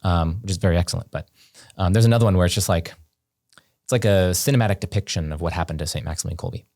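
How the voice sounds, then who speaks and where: A man with a very low voice recounts a story as a podcast guest, speaking casually and animatedly. He peppers his talk with "like" and "um." The sound is dry and close, with no room echo. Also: fast talker, gravelly. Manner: animated, heavy on fillers like "like" and "um".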